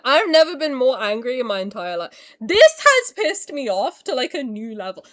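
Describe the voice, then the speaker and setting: A young woman streaming a casual reaction to a game trailer, excitable and loud and swearing freely, talking into a desk mic. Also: sits high, moderate pace, hardly any pauses. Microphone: desk mic while seated at a computer.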